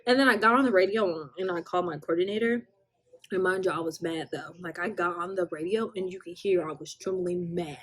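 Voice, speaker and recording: A woman's voice: on the low side, fairly quick, a bit bright. A young woman vlogger telling a casual storytime with lots of animation, acting out quotes and laughing often.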